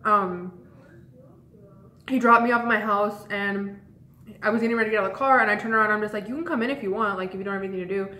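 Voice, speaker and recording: A woman's voice: medium pitch, fast, pauses often, bright, forceful tone. A young woman chats straight to her camera, telling a long personal story. She rambles, with many "like"s and "um"s. The room around her is echoey. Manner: chatty, rambling, lots of "like" and "um". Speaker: vlogger. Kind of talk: casual storytime chat.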